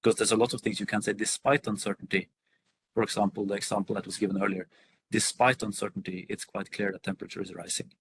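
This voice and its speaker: A man's voice: fairly low pitch, fairly even intonation, fast talker, husky, low-quality recording. A man on a video call answering a workshop question, hesitant with many fillers and restarts. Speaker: workshop panelist.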